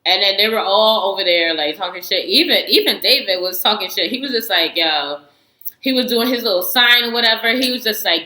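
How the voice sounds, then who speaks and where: A woman casually reviewing a reality show, animated and outspoken, laughing often and swearing freely. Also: fairly high pitch, a little fast, roomy sound, poor audio. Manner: slangy, animated storytelling with frequent laughs. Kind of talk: casual chat.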